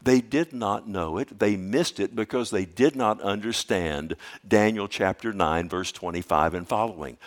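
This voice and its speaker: Lowish-voiced man preaching a sermon. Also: sing-song, a little slow. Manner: preaching, calls to the congregation with questions; swings between quiet explanation and loud emphatic stretches. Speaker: pastor.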